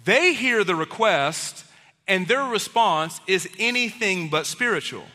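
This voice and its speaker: Bright-voiced male pastor preaching casually. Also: high-pitched, animated, a little slow, long reverb tail. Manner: casual conversational preaching with playful acted-out quotes. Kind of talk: sermon. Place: church auditorium with live congregation.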